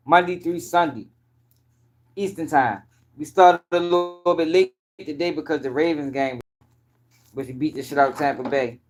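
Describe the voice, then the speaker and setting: Tired, profane man hosting a livestream. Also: on the high side. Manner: profane, animated, chatty, addresses viewers as y'all. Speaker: livestream news commentary host. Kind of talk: casual late-night livestream commentary.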